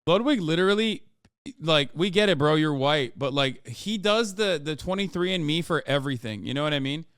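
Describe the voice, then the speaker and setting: A man's voice: fairly high pitch, brisk, smooth, dry recording, studio quality. A man in his thirties, a Turkish native speaker, giving sarcastic, profane reaction commentary on a livestream. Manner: sarcastic, profane, animated riffing. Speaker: streamer and political commentator.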